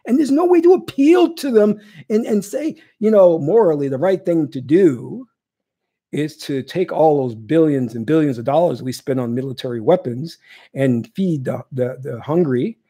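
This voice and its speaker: Husky, emphatic woman preaching to viewers. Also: deep voice, expressive, moderate pace, warm tone. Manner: emphatic and repetitive, pleading. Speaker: spiritual coach. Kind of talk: impassioned monologue.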